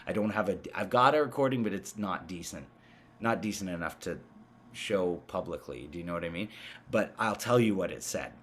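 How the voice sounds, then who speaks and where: A man in his thirties, a podcast guest, telling a ghost-hunting story in a halting, rambling way, full of restarts. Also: sits low, expressive, a bit bright, a little hiss or hum. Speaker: guest, amateur paranormal investigator. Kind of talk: casual storytelling conversation.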